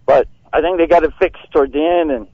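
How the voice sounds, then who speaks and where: A man calling in by phone while walking out of a concert, excitable and rambling, laughing often. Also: a little high, fast talker, dry recording. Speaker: caller. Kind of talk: phone call from outside a concert. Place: outdoors leaving a concert. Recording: dull lo-fi phone line.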